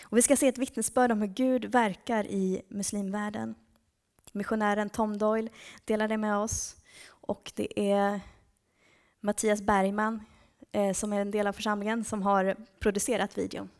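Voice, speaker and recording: Woman presenting at a church service: a mid-pitched, conversational voice with some whispered lines. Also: little pitch movement, normal speed, darkish tone. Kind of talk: church talk.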